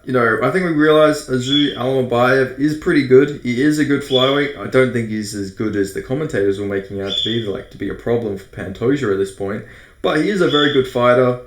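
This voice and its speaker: An Australian man talks through fight predictions in a loose, rambling way. He swears freely and trips over names, and his voice sits at an ordinary middle pitch. The room around him is echoey. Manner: rambling, profane, self-correcting. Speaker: MMA predictions host. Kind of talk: casual fight breakdown monologue. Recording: roomy echo.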